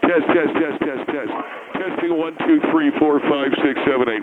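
A man's voice: mid-range voice, moderate pace. Guy ranting and swearing, all fed up, thin phone-line sound with lots of noise. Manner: exasperated, profane ranting. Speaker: podcast co-host. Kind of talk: casual comedic banter.

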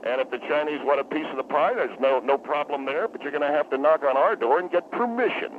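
A man's voice: fairly high pitch, fast talker, lightly acted. A man playing a hesitant, deferential phone caller in a comedy radio bit. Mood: earnest. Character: meek patriotic male caller on the phone. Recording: tinny phone line with faint hiss.

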